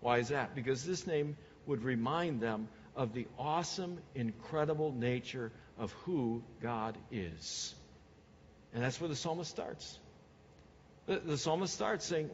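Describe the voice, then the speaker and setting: A man's voice: fairly high pitch, normal speed, husky. A male pastor giving a conversational sermon, full of fillers and repeated words, recorded in a church sanctuary. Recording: long hall reverb, dull sound.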